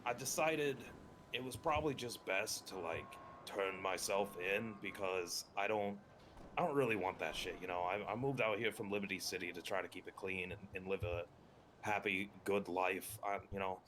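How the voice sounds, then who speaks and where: Low-voiced man telling a rambling story. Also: normal speed, a bit bright, a little hiss or hum. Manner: rambling, profane, with many fillers. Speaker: streamer playing a tow truck driver. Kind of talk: casual roleplay storytelling.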